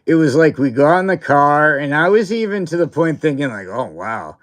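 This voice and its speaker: A man's voice: a little high, lively intonation, moderate pace, a bit bright. A man hosting a livestream, telling a story from school in a loose, rambling way, full of filler words and breaking into laughs. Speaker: livestream host. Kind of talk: casual storytelling chat.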